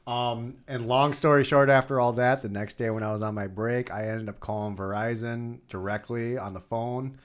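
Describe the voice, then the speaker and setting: A man in his thirties, co-hosting a podcast, tells a story in a casual, venting way. He swears often and speaks in a middle-pitched voice. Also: fairly even intonation, normal speed, few pauses. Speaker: podcast co-host. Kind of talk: casual chat.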